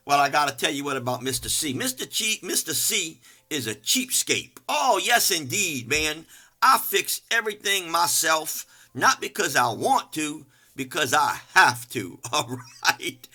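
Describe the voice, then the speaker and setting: An older man preaching an energetic, folksy sermon, animated and self-mocking, swinging from loud outbursts to hushed asides. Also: on the high side, moderate pace. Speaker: pastor.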